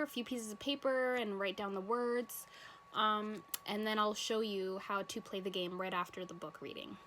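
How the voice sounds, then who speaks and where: A woman teacher reading a rhyming picture book aloud to children, then explaining a card game in a clear, patient way. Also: medium pitch, a bit bright, a little hiss or hum, low-quality recording.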